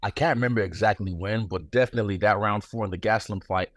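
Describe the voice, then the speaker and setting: A man in his thirties, the guest in an interview, talking in a relaxed, playful, slangy way with frequent restarts. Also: lowish voice, quick pace, no echo, studio quality. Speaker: guest fighter. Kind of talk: casual interview.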